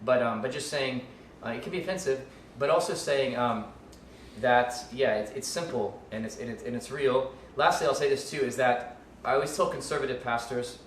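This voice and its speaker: A man's voice: medium pitch, moderate pace. Man teaching in an echoey hall. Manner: rambling with many restarts and fillers, joking with the audience. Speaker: ministry school teacher. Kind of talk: informal teaching to a live class. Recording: echoey room, mic at a distance, faint background noise.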